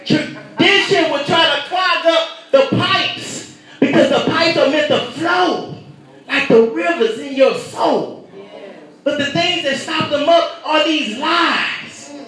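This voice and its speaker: A man preaching a sermon, animated, shouting at the peaks and acting out voices in his stories. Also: very high voice, slow pace. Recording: echoey hall, voice from far off.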